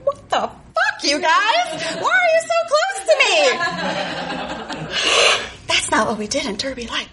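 A woman's voice: a little high, pushed and bright, slight background noise. A woman from the South Side of Chicago telling a personal story on stage at a live show, sarcastic and profane with lots of energy.

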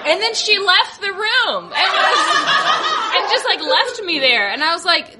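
High, giggly young woman telling a story live. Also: normal speed, background noise. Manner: giggly, exasperated, quoting with many likes. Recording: live stage recording with audience laughter. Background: laughing audience.

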